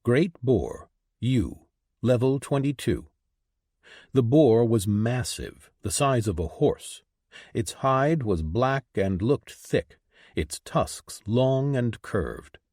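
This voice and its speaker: A man narrating a fantasy audiobook in an expressive reading style. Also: medium pitch, slow pace, dry recording, studio quality.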